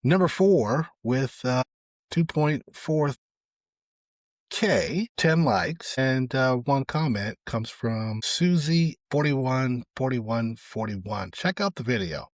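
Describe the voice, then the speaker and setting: A middle-aged man hosting a solo podcast, giving casual, opinionated commentary on social media posts. His voice often drops away quietly at the end of phrases. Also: mid-range voice, lively intonation, slow pace, no echo, studio quality. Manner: conversational, opinionated, trails off quietly at phrase ends. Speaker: podcast host.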